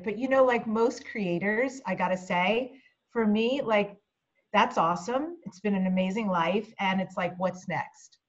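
A woman's voice: medium pitch, unhurried. Female podcast guest, chatty and reflective, filler-heavy, slightly dull sound. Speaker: interview guest, media coach. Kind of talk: casual interview chat.

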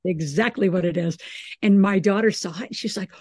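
A middle-aged woman with a gravelly edge to her voice talks in a casual, animated podcast chat. She tells stories with energy and acts out her family's lines. The sound is close and dry, with no room around it. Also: mid-range voice, a little fast, dry recording. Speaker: podcast host.

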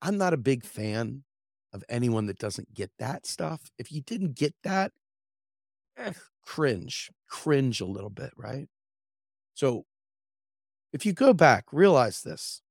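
A man's voice: mid-range voice, sing-song, takes it slowly, vocal fry, pauses often, dry recording, studio quality. A man delivering a blunt, profane political commentary monologue as host of his own show.

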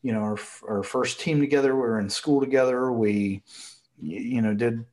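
A middle-aged man in a casual conversation, talking in a halting way and getting choked up as he recalls a loss. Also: mid-range voice, darkish tone. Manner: halting, emotional, gets choked up.

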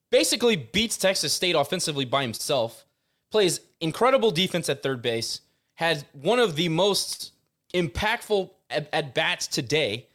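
A man's voice: a little high, a bit bright. A man hosting a casual sports talk show, talking with enthusiasm and rambling from one player to the next. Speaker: podcast host.

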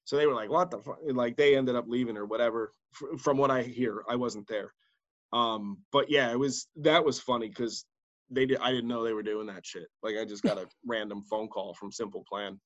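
A man, a radio DJ and podcast host, telling stories in casual chat, swearing freely and acting out quotes in a louder voice. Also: medium pitch, moderate pace, muffled recording. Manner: animated, swearing, acts out quotes loudly.

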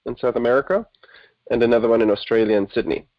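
A man's voice: mid-range voice, fairly even intonation, fast talker, dry recording. Man from Germany, thirties, chatty interview guest, dry close sound, dull lo-fi audio. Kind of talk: casual interview conversation.

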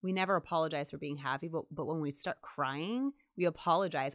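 A woman's voice: low-pitched, fast talker, hardly any pauses, no room sound, studio quality. A woman in a casual conversation, asking curious, engaged questions. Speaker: podcast co-host.

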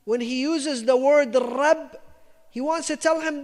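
Man preaching a story-sermon, really high voice, emphatic, lots of repeating, long echo. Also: unhurried. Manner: emphatic, repetitive, drops his voice for quoted lines. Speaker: religious lecturer. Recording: reverberant lecture hall.

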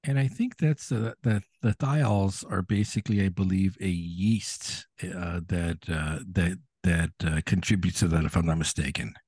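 A man's voice: low voice, moderate pace, hardly any pauses, a little mellow, slightly rough, no echo, clean studio sound. A man co-hosting a casual beer podcast, easygoing and teasing his co-host. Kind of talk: casual chat.

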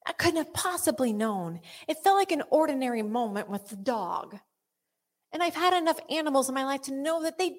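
A woman's voice: high voice, animated, normal speed, slightly rough. A woman giving earnest Christian teaching with a personal story, often dropping to a whisper and restarting her sentences. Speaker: Christian speaker.

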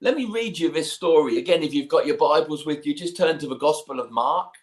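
A man's voice: on the high side, fairly quick. A man preaching a sermon, retelling a scripture story in a conversational way, with personal asides.

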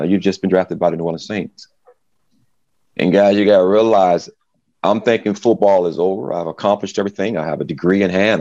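The recording is muffled and has no room sound. A middle-aged man with a low voice, a former football player, shares his story in an interview and animatedly performs the quotes of those involved.

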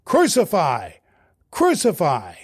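A man reading the lines of an angry crowd of religious leaders in a scripture reading, in a loud, insistent voice. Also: sits high, huge pitch swings, takes it slowly, breathy edge, pitched above the performer's own voice, full character voice.

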